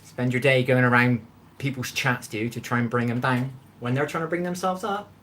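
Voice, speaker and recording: A man's voice: mid-range voice, a little fast, very noisy. A middle-aged man from England with a Bristol accent, chatting with viewers on a live cooking stream in his home kitchen and reading out their messages. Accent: Bristol English. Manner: chatty, greets viewers by name, reads out chat.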